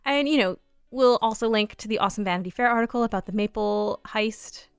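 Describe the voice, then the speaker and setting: A woman's voice: mid-range voice, clean tone, no echo, soft background music. A young woman co-hosting a podcast, teasing and playful in casual chat. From Canada. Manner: playful, teasing, quick back-and-forth. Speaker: podcast co-host.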